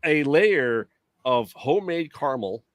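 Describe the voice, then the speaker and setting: A man co-hosting a podcast, chatting casually and explaining things in a relaxed, easygoing way. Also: a little high, measured pace, no room sound. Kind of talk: casual chat.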